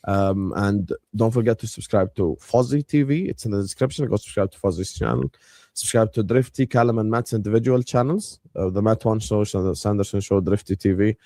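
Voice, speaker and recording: A man co-hosting a stream in casual chat, shouting out viewers and plugging channels. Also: on the low side, brisk, no echo, clean studio sound. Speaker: stream co-host.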